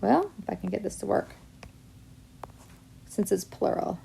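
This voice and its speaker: A woman with a slightly gravelly edge to her voice walks her students through a Spanish lesson. She reads example sentences in English and Spanish and explains each answer in turn, at a middling pitch. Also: sing-song, a little slow, warm tone, a little hiss or hum. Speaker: Spanish teacher. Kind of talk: classroom lesson video.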